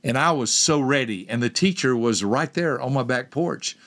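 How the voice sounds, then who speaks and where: An older man hosting a podcast, telling a personal story to listeners and asking them direct questions. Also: moderate pace. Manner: lively storyteller, acts out quoted voices with big pitch jumps. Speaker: podcast host and personality teacher.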